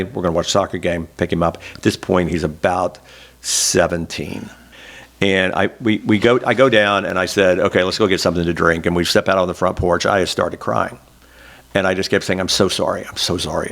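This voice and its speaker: Interview guest, middle-aged man from Oklahoma, low voice, emotional and open. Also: a bit bright. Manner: emotional, candid storytelling, close to tears. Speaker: interview guest, former state senator. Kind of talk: oral history interview.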